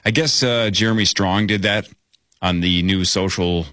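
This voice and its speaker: A man's voice: sits low, steady tone, moderate pace, fairly bright tone, no echo. A man hosting a casual sports chat, joking about player names. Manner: jokey, riffs on player names. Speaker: sports podcast host.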